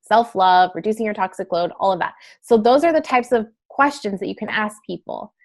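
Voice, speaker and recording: A woman teaching a class in a chatty, casual way, with many fillers and quick switches into acted examples. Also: mid-range voice, animated. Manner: chatty, filler-heavy, breaks into role-play quotes. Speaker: wellness sales trainer. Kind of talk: casual instructional talk.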